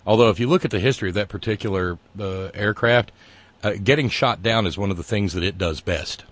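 A man's voice: on the low side, brisk. A man co-hosting a casual political chat, rambling and sarcastic, with many fillers and restarts. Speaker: podcast co-host.

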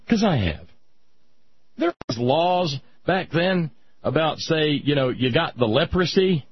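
A man's voice: fairly high pitch, very animated, takes it slowly, husky, lo-fi sound. A man hosting a talk show, delivering a sarcastic, opinionated monologue. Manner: sarcastic, ranting, mocking voices.

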